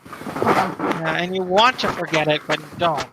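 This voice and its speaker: A man's voice: on the high side, a little slow, heavy background noise. A man co-hosting a podcast, chatting casually and rambling through his opinions with lots of restarts. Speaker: podcast co-host. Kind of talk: casual chat.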